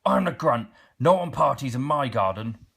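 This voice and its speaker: A man's voice: mid-range voice, lively intonation, normal speed, vocal fry, a bit bright, slightly rough, heavily acted. Man doing a growling grumpy troll. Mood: bellowing. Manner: growling, bellowing.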